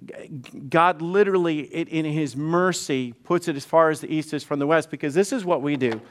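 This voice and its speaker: A man's voice: fairly high pitch, moderate pace. A middle-aged male pastor preaching conversationally, often repeating words and acting out quoted dialogue. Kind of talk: sermon.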